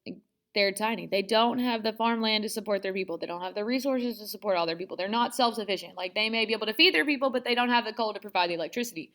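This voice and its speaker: A woman's voice: medium pitch, fast talker, a bit bright. A woman teaching a history lesson in a chatty, casual way, full of sarcastic asides. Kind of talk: casual classroom lecture.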